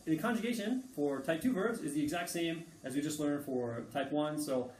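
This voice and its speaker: A man teaching a casual language lesson, relaxed and full of fillers, repeating words slowly for learners. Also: on the high side, a little hiss or hum. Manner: frequent fillers like okay and uh. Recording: echoey room, mic at a distance.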